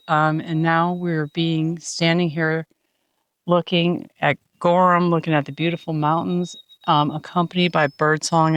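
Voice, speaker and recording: A woman speaking calmly and encouragingly as a hiking companion on a mountain summit, recorded on a handheld phone. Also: low voice, clear, resonant tone, no room sound. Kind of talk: casual trail vlog.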